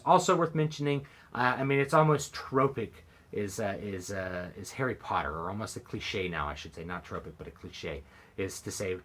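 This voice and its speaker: A man's voice: lowish voice, fairly bright tone. A man talking casually to camera as an author and book vlogger, hesitant, with frequent fillers and restarts. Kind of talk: casual book-recommendation vlog.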